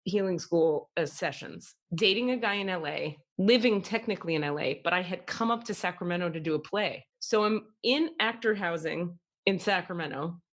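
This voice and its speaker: A woman podcast host telling a personal story in a casual, animated way, swearing freely. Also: on the low side, normal speed, few pauses.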